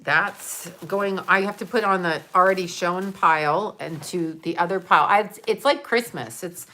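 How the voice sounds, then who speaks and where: A woman's voice: on the low side, normal speed, bright, forceful tone. A middle-aged woman chatting casually to her viewers, rambling with many fillers as she shows and thanks them for gifts. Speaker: vlogger opening gifts for viewers. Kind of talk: casual chat to camera.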